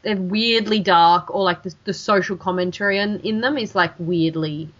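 A woman's voice: mid-range voice, normal speed, a bit bright. Chatty Australian woman on a lo-fi mic. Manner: chatty, many restarts and fillers. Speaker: podcast co-host. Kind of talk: casual chat. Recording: dull lo-fi recording.

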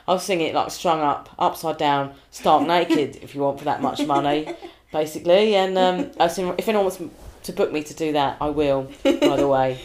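Low-voiced woman, chatty singer-compère, animated storyteller. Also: normal speed, few pauses. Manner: chatty, animated storytelling with lively put-on quotes. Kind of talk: casual interview chat.

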